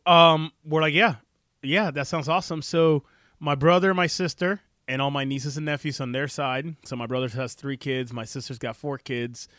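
A middle-aged man hosts a talk show, speaking in a heartfelt, preachy way as he tells a family story and turns it into advice. His voice sits in an ordinary middle pitch and is recorded dry and close, with no room sound. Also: clear, resonant tone, no room sound. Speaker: show host. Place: Ohio.

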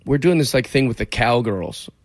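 Guest, young man from Seattle, loose storyteller, mid-pitched, dry. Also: animated, normal speed, dry recording. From Seattle, USA. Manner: rambling, fills with "like". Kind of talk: casual anecdote telling.

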